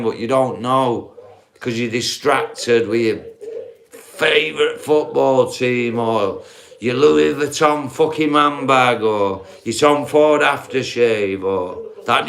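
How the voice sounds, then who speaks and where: Man, live-stream rant, unhurried and sweary. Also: medium pitch, creaky, fairly bright tone. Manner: profane, laughs at own points, addresses viewers as guys. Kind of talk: ranting live-stream monologue.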